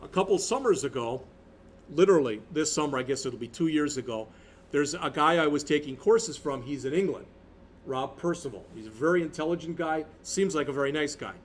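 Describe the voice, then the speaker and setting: Brisk and animated, a man in his fifties with a slightly high voice gives a recorded college lecture over light background noise. He teaches in a loose, chatty way, restarting his sentences often.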